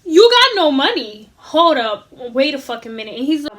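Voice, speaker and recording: A young woman tells a casual storytime in a high voice, animated and full of slang and swearing. She acts out what everyone said as she goes. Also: normal speed. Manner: acts out dialogue in quoted voices. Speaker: vlogger.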